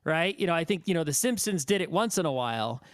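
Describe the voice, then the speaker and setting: A man's voice: fairly high pitch, lively intonation, fast, no room sound. A man co-hosting a podcast, talking in a rambling way that is full of "right?" and "you know". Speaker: podcast co-host. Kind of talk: casual discussion.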